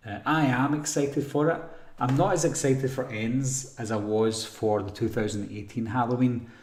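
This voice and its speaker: A man with a mid-range voice hosts a casual live Q&A for a horror channel, reading chat questions aloud and answering at normal speed in a relaxed, rambling way full of ums and throat clearing. There's slight background noise and a roomy echo.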